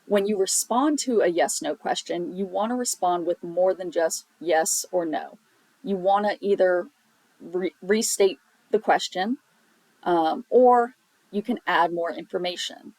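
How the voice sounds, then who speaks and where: A woman teaching a sign language lesson, explaining step by step in a patient, plain way, often pausing on um. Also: on the low side, darkish tone, dry recording, poor audio. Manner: patient, explanatory, with frequent um fillers. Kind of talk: recorded classroom lesson.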